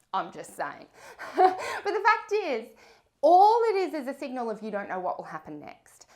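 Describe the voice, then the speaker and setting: A middle-aged woman coaching horse riders, telling a story and acting out the dialogue. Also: medium pitch. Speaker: riding coach. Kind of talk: motivational coaching talk to camera.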